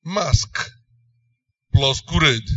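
A man with a Nigerian accent preaching a sermon, emphatic, swinging between loud and soft phrases. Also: a little high, very slow, no echo, far from the mic, lo-fi sound.

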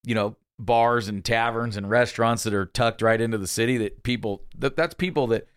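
A man's voice: medium pitch, a little fast, clean tone, no room sound, studio quality. A man in casual podcast chat, asking questions and musing thoughtfully, with frequent "you know". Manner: reflective, asks questions, fills with "you know".

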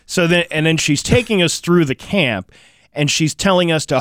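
A man casually telling a personal anecdote on a talk show, animated and acting out what people said. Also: on the high side, normal speed, no echo, studio quality. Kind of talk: casual chat.

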